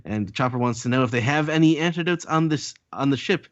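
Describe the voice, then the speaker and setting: A man co-hosting a podcast, recapping a manga chapter in a relaxed, halting way. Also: mid-range voice, dry recording, highs cut off. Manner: relaxed, halting storytelling with fillers. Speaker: podcast co-host.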